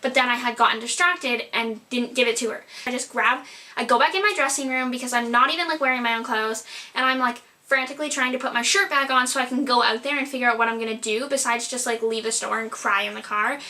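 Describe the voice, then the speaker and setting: Bright-voiced young woman telling a story. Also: fairly high pitch, steady tone, quick pace. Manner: rambling, filler-heavy retelling, lots of "like". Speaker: vlogger. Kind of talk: storytime vlog.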